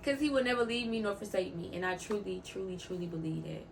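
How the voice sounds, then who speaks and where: A woman's voice: mid-range voice, quick pace, creaky, a little hiss or hum. A woman vlogger talking casually about faith, heartfelt and openly emotional, rambling and repeating words for emphasis. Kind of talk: casual faith vlog talk.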